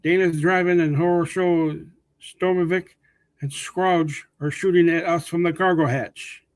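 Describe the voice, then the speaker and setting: A man's voice: fairly high pitch, steady tone, unhurried, no echo. A man reading comic book dialogue aloud as co-host of a casual read-along, often stumbling and repeating words.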